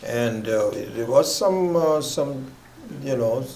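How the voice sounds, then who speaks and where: A man's voice: mid-range voice, lively intonation, slow, darkish tone. A man gives a spiritual teaching in a loose, rambling way, stopping and restarting often and sometimes sinking to a near whisper. The sound is roomy and echoey, with faint ambient noise underneath. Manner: rambling, with many fillers and restarts. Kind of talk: scripture class talk.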